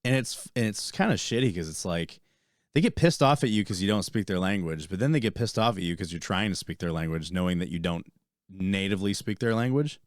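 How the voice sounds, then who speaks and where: A man hosting a podcast, talking in an animated way and swearing freely. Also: deep voice, brisk, dry recording, clean studio sound. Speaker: podcast host. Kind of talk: casual interview.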